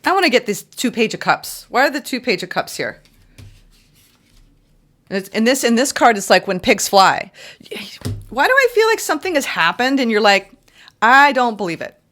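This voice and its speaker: A woman's voice: very animated, moderate pace, long pauses, fairly bright tone. A woman giving a casual, chatty tarot reading, exclaiming often and acting out little quoted exchanges. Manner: chatty, exclaiming, acts out quotes in high voices. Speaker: tarot reader.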